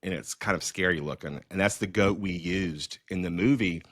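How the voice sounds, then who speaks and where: A middle-aged man with a lowish voice tells stories in loose, animated conversation. He restarts sentences and fills pauses often. The sound is dry and close, with no room around it. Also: no echo. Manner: animated storyteller, many fillers and restarts. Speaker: filmmaker and podcast host. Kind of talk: casual storytelling conversation.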